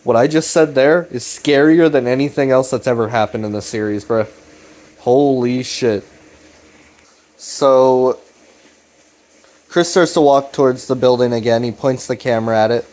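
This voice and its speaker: A man's voice: mid-range voice, moderate pace, darkish tone. A young man giving a casual, rambling recap commentary, loose and profane, full of fillers. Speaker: video commentator.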